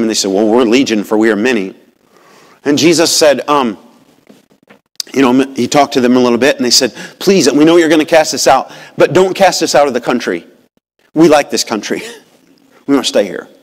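A man preaching a sermon in church in a folksy, animated way, often asking the congregation questions. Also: medium pitch. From rural upbringing. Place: church sanctuary.

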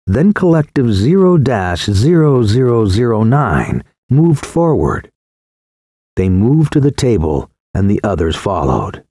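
Low-voiced guy reading an audiobook, really dramatic, pitch all over the place, dry close mic. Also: slow pace, breathy edge, no echo. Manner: dramatic, expressive delivery. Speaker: audiobook narrator. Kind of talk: scripted audiobook narration.

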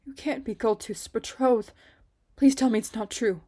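A gentle young pirate captain, read by a woman. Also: a little high, normal speed, voice pushed up, lightly acted. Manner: gentle, hushed.

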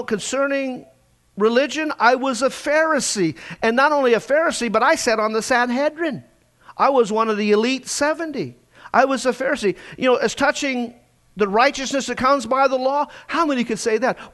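A middle-aged male pastor preaching a sermon in a church, telling his own story and swinging between loud urgency and hushed quiet. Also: very high-pitched, normal speed. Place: church sanctuary.

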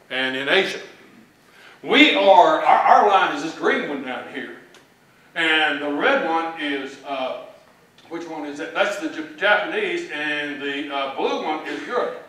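A man's voice: a little high, fairly bright tone. A man from Texas with a Texan accent, giving a folksy, joking keynote talk at a conference. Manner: folksy, joking, plain-spoken. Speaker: economist speaker. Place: large event hall. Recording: echoey hall, from far off.

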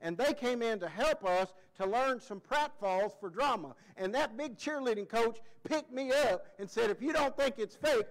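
A male pastor preaching a folksy, excitable sermon, often breaking into shouted cheers. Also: very high voice, moderate pace, hardly any pauses, poor audio.

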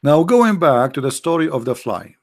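Gravelly sarcastic man arguing. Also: fairly high pitch, big pitch swings, normal speed. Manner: sarcastic, argumentative, broken English grammar. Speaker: religious debater. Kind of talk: mocking commentary.

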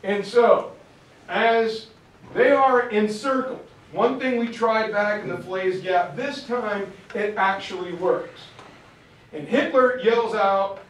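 A man giving an informal history lecture from a map, telling it as a story, acting out quotes and clearing his throat now and then. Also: high-pitched, slow, far from the mic. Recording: roomy sound from off-mic.

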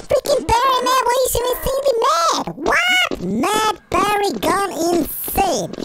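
A performer voicing an excitable male cartoon chipmunk gamer through a sped-up high voice filter, giving squealing game commentary. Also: creaky, noisy background, full character voice. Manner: squealing, giggly, exclaims constantly. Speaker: let's play commentator. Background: game music.

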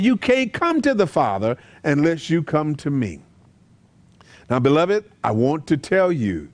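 A man preaching an evangelistic sermon, fervent and emphatic, repeatedly calling his listeners "beloved" and softening into a quiet prayer. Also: no room sound. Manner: fervent, emphatic, repeats "beloved", rising to high urgent pleas.

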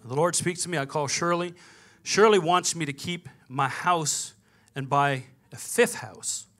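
Bright-voiced pastor telling a story. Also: male voice, a little high, a little slow. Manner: storytelling with quoted dialogue, animated. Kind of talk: sermon.

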